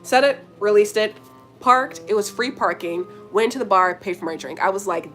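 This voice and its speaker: A woman's voice: mid-range voice, expressive, normal speed, fairly bright tone, faint music behind. A young woman chatting casually to her viewers, telling a story with lots of slang, fillers and giggles. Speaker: vlogger answering viewer questions.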